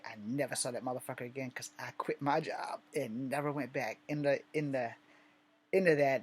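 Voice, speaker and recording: A man's voice: mid-range voice, slight background noise. A man from Virginia telling personal stories in a candid, rambling and profane way, in a casual vlog.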